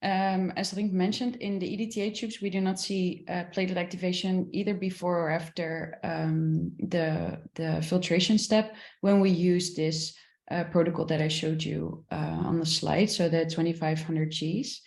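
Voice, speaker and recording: Gravelly-voiced woman answering questions. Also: lowish voice, little pitch movement, moderate pace, a little mellow, roomy sound. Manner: careful, many fillers. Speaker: presenting researcher. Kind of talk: answering questions in a panel discussion.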